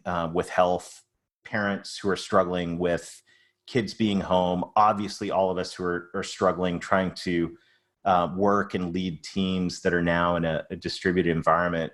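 A man from Ontario whose accent blends a Southern US drawl with Canadian tones, talking as a podcast guest. His voice sits fairly low, and he chats in an upbeat way, doubling back on his words as he goes. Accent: mixed Southern US and Canadian. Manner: chatty and upbeat, with frequent restarts and laughs. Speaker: podcast guest, revenue growth consultant. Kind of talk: casual podcast conversation.

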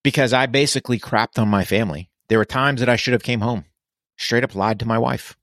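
A man's voice: medium pitch, brisk, a bit bright, dry recording, clean studio sound. A military veteran man speaking candidly as a podcast guest, blunt and earnest. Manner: blunt, earnest, swears casually.

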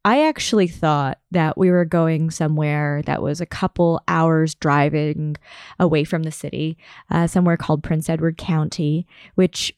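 A young woman casually telling a travel story in a chatty, animated way, laughing now and then. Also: low-pitched, smooth, no echo, studio quality.

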